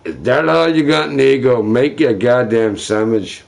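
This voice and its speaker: A man's voice: medium pitch, animated, a little slow, creaky, a little mellow. A man rambling casually on his livestream, profane and self-mocking, chuckling between remarks.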